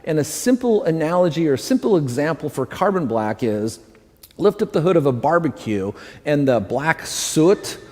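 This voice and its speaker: A man's voice: on the high side, sing-song, normal speed, a little mellow, big-room sound. A man teaching car detailing in casual chat, folksy and explaining with simple examples. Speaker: detailing instructor. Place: garage.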